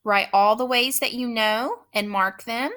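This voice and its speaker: A woman teacher giving a spelling dictation lesson, speaking slowly and repeating each word with patient care. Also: a little high, sharp tone. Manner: slow, patient, repeats words carefully.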